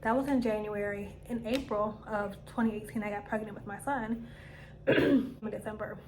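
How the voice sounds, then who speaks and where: A young woman vlogger, telling a personal story to camera in a casual, animated way and acting out her own quoted lines. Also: mid-range voice, moderate pace, a little hiss or hum.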